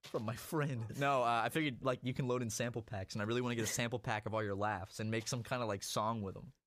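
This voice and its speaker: A man chatting casually as a co-host, rambling with fillers and quick restarts. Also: mid-range voice, fairly even intonation, a bit bright. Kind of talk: casual chat.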